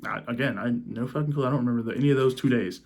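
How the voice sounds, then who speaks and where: A man's voice: mid-range voice, very fast, a little mellow. A young man vlogging, telling a personal story in a rambling, casual way with frequent restarts and swearing.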